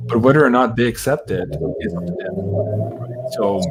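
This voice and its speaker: A man's voice: fairly low pitch, moderate pace, loud music behind the voice. A man co-hosting a livestream, chatting casually and thanking donors by name. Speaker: livestream co-host.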